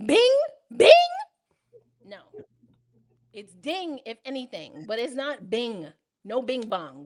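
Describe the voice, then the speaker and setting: A woman with a New York accent co-hosting a podcast, chatting in a playful, slangy, animated way. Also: mid-range voice. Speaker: podcast co-host. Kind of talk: casual chat.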